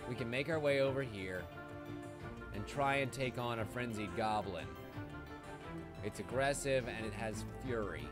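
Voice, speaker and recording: A man giving live commentary while he plays a video game, excitable and quick to swear when things go wrong. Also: mid-range voice. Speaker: game streamer. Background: game music.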